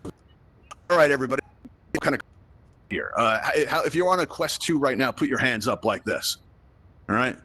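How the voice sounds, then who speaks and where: In a dry recording, a Brooklyn-born VR event host speaks at normal speed with medium pitch, his bright, forceful tone slightly rough and animated, pausing often. He jokes and chats through the live tutorial, frequently checking in with "right?"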